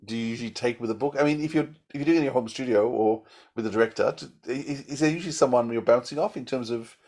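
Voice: medium pitch, fast talker, darkish tone. Give me an interviewer with a mid-range voice who asks open, easygoing questions.

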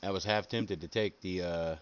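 An older man giving short, low-key replies in a casual chat while he gets coached through a game. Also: steady tone, moderate pace, clear, resonant tone, highs cut off. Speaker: new player getting coached.

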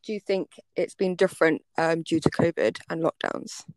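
A woman's voice: low voice, normal speed, dry recording. A woman from southern England hosting a casual interview, bubbly, laughing often and rambling through her questions.

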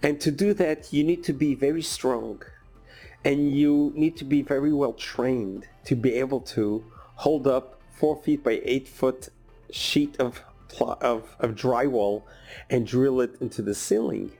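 A man speaking as a rabbi, telling a lively story in a sermon and acting out the people in it. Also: medium pitch, unhurried, vocal fry, soft background music. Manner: lively storyteller, acts out quoted voices.

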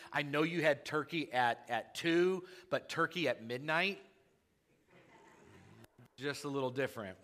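A male pastor preaching a sermon in a church, talking to the congregation in casual asides and rising loud when he quotes scripture. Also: on the high side.

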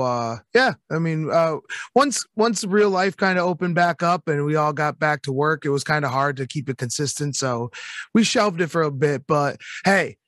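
A man's voice: on the high side, a bit bright, dry recording, studio quality. A man telling stories as a guest in a casual podcast chat, laid-back and joking.

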